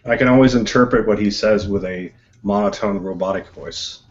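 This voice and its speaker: Low-voiced man hosting a lo-fi video chat. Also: normal speed, slight background noise. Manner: articulate, explains at length. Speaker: host of an online discussion group. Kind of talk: casual group video chat. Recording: dull lo-fi web call audio.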